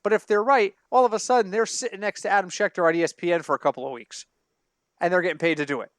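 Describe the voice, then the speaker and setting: A high-voiced man co-hosting a sports podcast rambles fast through sports gossip in casual banter, animatedly telling stories and correcting himself. He's on a home computer mic over an online call, yet the sound is clean, studio-like and echo-free.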